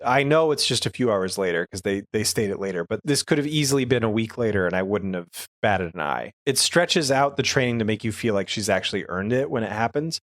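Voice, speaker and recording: A man's voice: on the low side, expressive, a little fast, few pauses, fairly bright tone, no echo, studio quality. A young man co-hosting a podcast, recapping a cartoon in casual, joking chat. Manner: chatty, joking, rambling. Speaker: podcast co-host.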